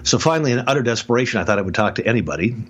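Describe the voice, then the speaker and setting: A man telling a story in a casual podcast conversation, animated, with many restarts and sudden jumps in pitch. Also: very fast, husky. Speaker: podcast guest expert, speaker and author.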